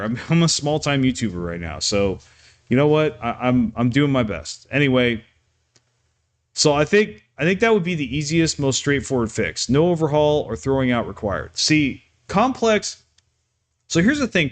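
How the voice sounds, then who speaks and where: On his live stream, a man with a medium-pitched voice talks off the cuff, ranting and sometimes yelling, with lots of restarts and fillers.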